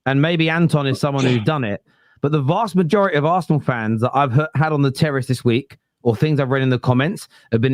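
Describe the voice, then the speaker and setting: A man hosting a football podcast, cutting in forcefully and swearing while he argues his point. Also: mid-range voice, fast, dry recording. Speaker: podcast host. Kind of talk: heated football podcast debate.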